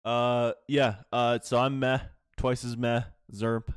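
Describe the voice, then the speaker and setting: A man's voice: mid-range voice, little pitch movement, slow, clear, resonant tone, dry recording, studio quality. A man hosting a casual anime podcast, rambling through episode recaps with lots of fillers and swearing. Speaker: podcast host.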